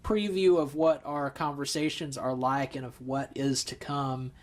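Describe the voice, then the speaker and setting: A man's voice: medium pitch, fairly even intonation, unhurried. A man hosting a podcast in easygoing casual chat, laughing often and steering the conversation. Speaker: podcast host.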